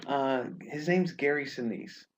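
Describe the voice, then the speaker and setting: Poor audio and slight background noise surround this young English teacher from Alabama, USA, as he tells stories in a casual online class. His medium-pitched voice keeps a measured pace, and his manner is friendly, chatty, and full of fillers.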